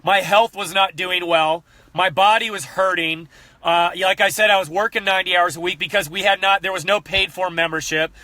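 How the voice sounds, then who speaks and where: A man in his thirties giving a candid motivational talk as a fitness coach, earnest and animated, repeating himself when he gets fired up. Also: high voice, a little fast, no room sound.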